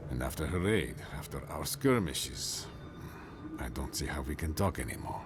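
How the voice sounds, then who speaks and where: A man's voice: rumbling low, animated, moderate pace, very noisy. An actor playing a weary male warden captain bound by his oath, speaking solemnly and measuredly, trailing into near-whispers.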